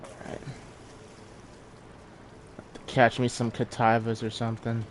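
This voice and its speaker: A man's voice: medium pitch, monotone, slow pace, slight background noise. A man giving casual, self-deprecating live commentary while streaming a game, chuckling often.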